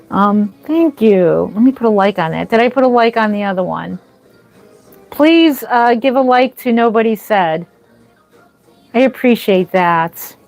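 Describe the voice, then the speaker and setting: A woman's voice: on the high side, no echo. A woman hosting a casual livestream, chatting with viewers and gushing thanks for their gifts. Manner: gushing, easily moved, thanks viewers often. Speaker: livestream host, reborn doll artist.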